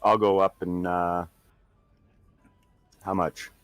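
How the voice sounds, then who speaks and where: A man's voice: low-pitched, level tone, takes it slowly, clean tone. A man casually playing a tabletop game, talking in hesitant stumbling phrases. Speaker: player.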